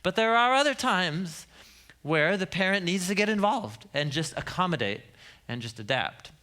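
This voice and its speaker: A man's voice: sits high, lively intonation, moderate pace, sharp tone. A man in his thirties teaching a sermon as a Bible teacher, a humorous storyteller who laughs often.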